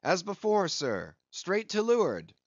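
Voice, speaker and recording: A man's voice: high-pitched, huge pitch swings, unhurried, no room sound, highs cut off, voice pushed up, heavily acted. A man voicing a lookout sailor calling down from the mast in a raised voice.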